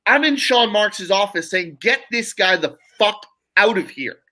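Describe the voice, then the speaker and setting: A man's voice: high-pitched, lively intonation, measured pace, pushed and bright. A man co-hosting a sports podcast, arguing his points emphatically in casual chat. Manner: argumentative, emphatic. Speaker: podcast co-host.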